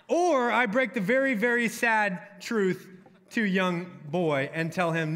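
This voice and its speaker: Young Texan male pastor, bright and ringing, storytelling sermon style, recorded in a reverberant hall. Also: sits high, expressive, a little slow. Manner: storytelling, joking with the crowd. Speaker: college ministry pastor. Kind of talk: sermon to students.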